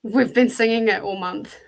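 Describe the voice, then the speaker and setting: Gravelly-voiced New Zealand woman hosting. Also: fairly high pitch, takes it slowly. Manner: chatty, greets viewers by name and answers chat. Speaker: livestream host. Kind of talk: casual livestream chat.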